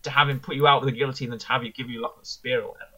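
A man's voice: mid-range voice, little pitch movement, very fast, bright, forceful tone, low-quality recording. A man co-hosting a casual review podcast, rambling enthusiastically and correcting himself as he goes. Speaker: podcast co-host. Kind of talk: casual wrestling review chat.

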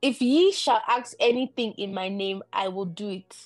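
A woman reads scripture aloud in a steady, deferential way during a church service. Her voice sounds dry and close, with faint music in the background. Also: mid-range voice, moderate pace, no room sound. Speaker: scripture reader.

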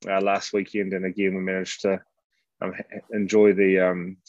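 Easygoing New Zealand man, low voice. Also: monotone, a little mellow, no room sound. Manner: easygoing, says "mate" often, halting fillers. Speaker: guest rugby player. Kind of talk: casual interview chat. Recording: dull, dry lo-fi audio.

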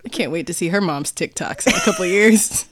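A woman's voice: fairly low pitch, expressive, a little fast, breathy edge. A woman in her thirties, a podcast co-host in casual chat, brash and joking, with plenty of profanity.

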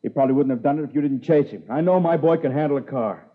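A man's voice: mid-range voice, fast talker, close to an everyday voice. A man playing an angry, belligerent father who blames the police for his son's crash, in a tinny old radio drama. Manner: belligerent, shouting, accusing. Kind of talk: 1950s radio drama acting.

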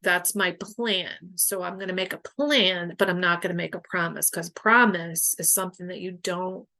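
Frank, gravelly-voiced woman guest. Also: fairly low pitch, fairly even intonation, moderate pace, sharp tone. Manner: frank, emotional, swears freely. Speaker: guest, boundaries coach. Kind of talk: candid conversational storytelling.

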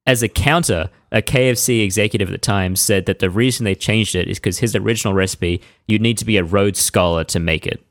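A man hosting a podcast, retelling a story in relaxed, casual conversation. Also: lowish voice, fairly quick, hardly any pauses, dry recording, clean studio sound. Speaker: podcast host telling the story. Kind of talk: casual chat.

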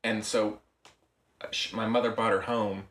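A young man hosting a casual film podcast, talking with a relaxed, dry understatement. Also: lowish voice, moderate pace, distant mic, slight background noise. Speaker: podcast host. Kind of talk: casual chat. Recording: roomy echo, voice set back from the mic.

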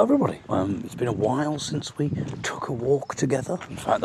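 A man's voice: medium pitch, noisy background. A man rambling through a self-mocking comic monologue while walking outdoors along a road, full of jokey asides. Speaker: audio blogger.

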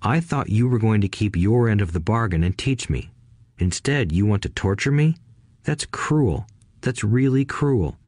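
A man's voice: fairly low pitch, animated, moderate pace, a little mellow, no echo, clean studio sound. A man voicing an indignant young boy who accuses his boss in a pouting, whiny way, in an audiobook reading. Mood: upset. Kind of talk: audiobook character voice.

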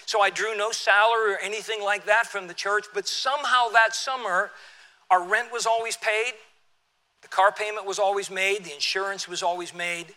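A man in his sixties, a pastor, telling a personal story in a sermon with a relaxed, conversational manner and frequent restarts. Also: sits high, normal speed. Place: church sanctuary. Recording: long church hall reverb.

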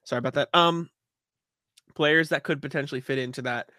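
A man's voice: medium pitch, a little fast, sharp tone, no echo, studio quality. A man co-hosting a casual basketball podcast, easygoing, asking questions and laughing often. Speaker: podcast co-host.

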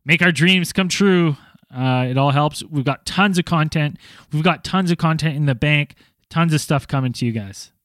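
A man's voice: on the high side, normal speed, a bit bright, no echo, clean studio sound. A man co-hosting a casual podcast, reading out listener reviews and plugs in a laid-back way. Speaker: podcast co-host.

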